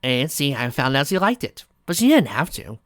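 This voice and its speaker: Woman narrator, low for her sex, lively and bright, snarky commentary between passages. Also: moderate pace, no echo, clean studio sound. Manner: sarcastic asides. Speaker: fan fiction reader. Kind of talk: dramatic reading with commentary.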